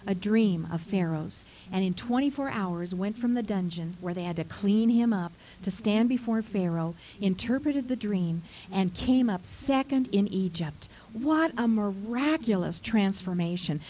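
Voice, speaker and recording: A woman's voice: mid-range voice, mellow, rough recording. Earnest woman retelling a Bible story. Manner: earnest storytelling, reads scripture with feeling. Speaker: co-host. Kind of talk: Bible teaching talk.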